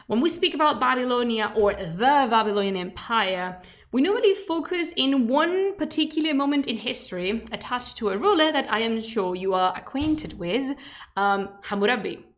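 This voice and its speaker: A woman's voice: a little high, fairly bright tone. A woman whose first language is Spanish, a streamer chatting playfully before starting a history lecture, with emphatic, wandering asides. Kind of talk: casual chat leading into a history lecture.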